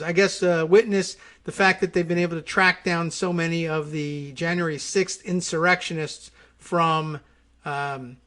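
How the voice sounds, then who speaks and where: A podcast host reading a news article aloud and breaking off into casual, musing commentary, trailing into quieter asides and fumbling over hard names. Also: male voice, a little high.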